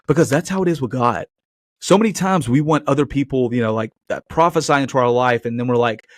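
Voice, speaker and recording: A man's voice: medium pitch, fast, no echo. Male podcast host giving an earnest, chatty sermon; mid-range voice, dry close sound. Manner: earnest and conversational, often asking "right?". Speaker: podcast host and Christian teacher. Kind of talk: casual preaching monologue.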